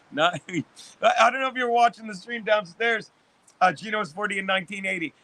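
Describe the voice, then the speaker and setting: High, bright-voiced profane man in his fifties. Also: normal speed. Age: 50s. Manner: profane, rambling sports rant. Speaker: livestream host reading chat. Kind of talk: casual livestream chat.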